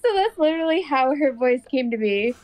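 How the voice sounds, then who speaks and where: A woman chatting casually as a guest, hesitant, with many pauses and ums. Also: sits high, expressive, no echo, rough recording. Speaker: guest player. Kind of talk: casual chat.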